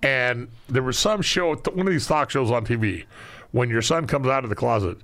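Middle-aged man, gravelly, blunt profane storyteller, casual podcast chat. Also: medium pitch, moderate pace, fairly bright tone. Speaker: podcast guest.

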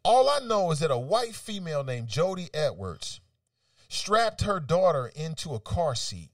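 A man hosting an opinionated talk radio segment, reading out quotes and rebutting them with animated, argumentative commentary. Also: a little high, unhurried, dry recording, clean studio sound, distant mic.

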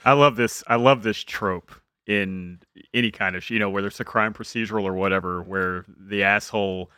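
A man's voice: lowish voice, fairly even intonation, moderate pace, pushed and bright, clean tone, no room sound. A man co-hosting a podcast, giving wry, mocking commentary on a TV episode. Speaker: podcast co-host. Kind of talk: casual recap chat.

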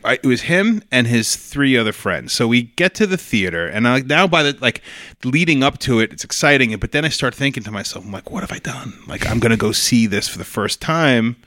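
Bright-voiced man telling a story. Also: medium pitch, brisk, dry recording, studio quality. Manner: animated, acts out voices in his anecdote. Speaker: guest. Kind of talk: casual storytelling.

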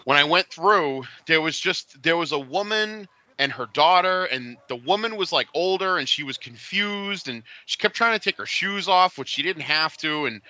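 A man in his forties with a very bright, forward voice and a slightly high pitch for a man, telling a story in a lively, animated way and acting out the voices in it. The recording is dry and a little dull, like home podcast audio. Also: moderate pace, hardly any pauses, no room sound. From Boston area. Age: 40s. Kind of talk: casual chat, storytelling.

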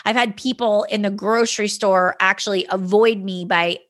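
A woman's voice: medium pitch, fairly even intonation, normal speed, a bit bright. A woman in her thirties hosting a solo podcast from home, telling personal stories in an earnest, motivational way. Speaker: podcast host. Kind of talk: casual solo podcast talk. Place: home, indoors.

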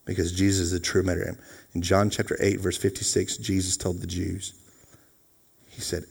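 A man preaching a sermon as pastor, animated and jokey, acting out voices. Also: sits low, a little fast, creaky, slightly rough. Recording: long hall reverb.

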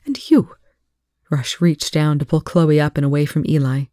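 A reader doing a proofreading read-aloud of a fiction chapter in a steady, plain narration, on a close home mic. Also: mid-range voice, a little fast, no room sound.

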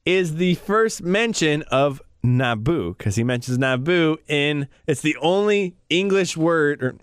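Young guy cohosting a movie recap, jokey, lively pitch, kinda high voice, dry sound. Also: measured pace, smooth, no echo. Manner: animated, jokey, acts out lines in funny voices. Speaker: podcast co-host. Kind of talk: casual chat recapping a film.

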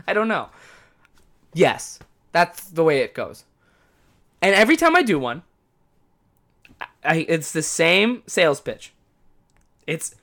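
A man's voice: a little high, sing-song, a little slow, long pauses, bright, forceful tone. A man hosting a podcast, talking in a casual monologue, with a profane, exasperated, comic ranting manner. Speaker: podcast host.

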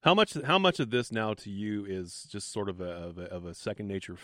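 A man hosting an interview podcast, asking measured questions that he often restarts. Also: lowish voice, sing-song, a bit bright, dry recording, clean studio sound. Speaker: podcast host.

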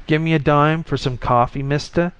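A man's voice: on the high side, steady tone, normal speed, a bit bright, clear, resonant tone, no room sound, pitched above the performer's own voice, close to an everyday voice. A man voicing a hungry male beggar who whines for spare change, on a slightly muffled recording. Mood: whining. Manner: whining.

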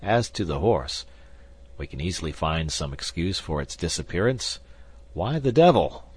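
In an audiobook character reading, a man voices Athos, a coolly indifferent older musketeer and wry gambler, with calm, drawling wryness. His deep, slightly rough voice moves at a moderate pace in a heavily acted performance.

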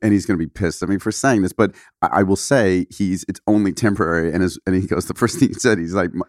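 A man with a low voice hosts a podcast and tells stories in an animated, casual way. The sound is close and dry. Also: fast talker, no echo. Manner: animated storytelling with mimicked voices. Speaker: podcast host. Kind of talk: casual chat.

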